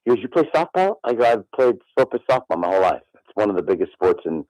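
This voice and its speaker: A man's voice: deep voice, quick pace, a little mellow, dry recording, rough recording. A man in his sixties telling a boastful story in casual radio chat, acting out both sides of the dialogue with animation. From Midland, Michigan. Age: 60s. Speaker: radio show guest.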